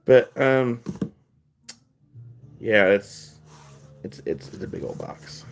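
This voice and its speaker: A man's voice: lowish voice, expressive, slow, creaky. A man hosting a live rock sale stream, chatting casually and rambling, laughing often as he packs boxes and calls out numbers.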